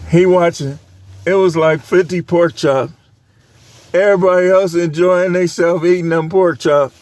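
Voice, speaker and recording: A man's voice: fairly high pitch, a little mellow, slight background noise. A man with a cold who coughs now and then, preaching a casual, joking sermon with lots of laughter and slangy banter.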